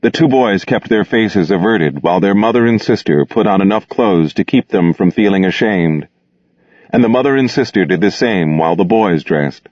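Low, expressive male audiobook narrator. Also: moderate pace, dry recording, dull audio.

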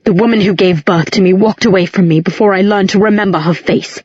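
A woman's voice: mid-range voice, a little fast, darkish tone, husky, no echo, natural voice. A woman voicing a fierce, defensive young man in an audiobook, clipped and intense. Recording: dull, muffled recording.

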